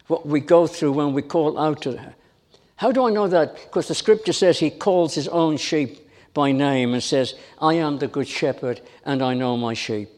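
Middle-aged male preacher; unhurried, higher-pitched delivery; emphatic sermon, heavy on rhetorical questions. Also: darkish tone.

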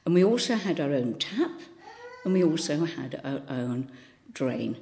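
A woman's voice: deep voice, animated, a little slow, creaky, mellow, slight background noise. A woman in her eighties from Birmingham, with a faint Birmingham accent, telling chatty, rambling stories with many ums and restarts as she gives a thought for the day. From Birmingham, England. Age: 80s. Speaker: speaker giving a thought for the day. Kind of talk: casual anecdotal talk.

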